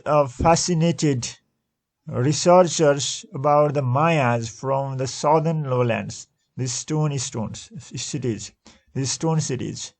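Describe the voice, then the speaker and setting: A male teacher going over textbook exercise answers slowly, repeating and correcting himself as he explains. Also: medium pitch, gravelly. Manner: slow, repetitive, restates answers with frequent self-corrections. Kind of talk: classroom lesson going through textbook exercises.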